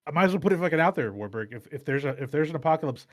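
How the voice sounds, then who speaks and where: A man's voice: fairly high pitch, lively intonation, very fast. A man hosts a casual podcast, talking through his thoughts in long rambling runs. He restarts sentences often and swears freely. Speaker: podcast host.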